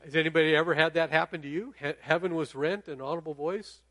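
A man's voice: on the high side, fairly even intonation, fast talker, a bit bright, dry recording. A middle-aged man preaching a sermon in a conversational way, often checking in with the audience. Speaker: pastor.

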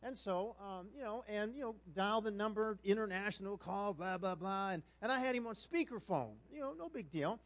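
High-voiced pastor telling a funny story. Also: male voice, normal speed, few pauses. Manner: animated, self-mocking, acts out quotes. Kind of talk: humorous sermon storytelling.

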